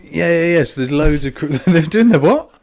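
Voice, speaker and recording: A man's voice: fairly high pitch, animated, moderate pace, a little mellow. A man co-hosting a casual online show over a video call, chatty and teasing, often laughing. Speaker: co-host. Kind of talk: casual chat.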